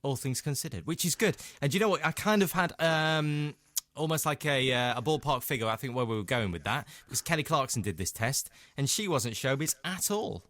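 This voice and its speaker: British man, radio host, teasing, lively pitch, dry studio mic. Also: dry recording. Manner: chatty, teasing, quick-fire questions. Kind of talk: casual radio interview.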